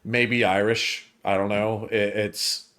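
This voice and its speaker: A man's voice: lowish voice, level tone, slow pace, sharp tone. A man hosting a casual movie review chat, rambling and often restarting his sentences. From United States.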